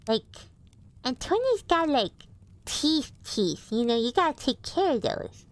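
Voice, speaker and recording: A woman guest on a stream, chatting in a playful, teasing, animated way. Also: high voice. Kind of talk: casual chat.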